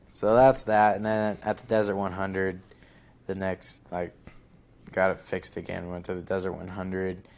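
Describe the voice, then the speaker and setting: A man's voice: low-pitched, monotone, unhurried, a little mellow. A young man hosting a podcast, telling a long story in a rambling casual way full of fillers. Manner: rambling, lots of fillers and likes. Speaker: podcast host.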